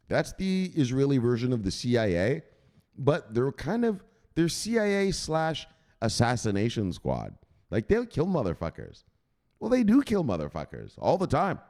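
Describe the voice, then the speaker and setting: A man hosting a crypto news channel, talking casually over a chart, swearing freely and mocking imagined viewers. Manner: animated, swears freely, mocks imagined viewers in a high squeaky voice.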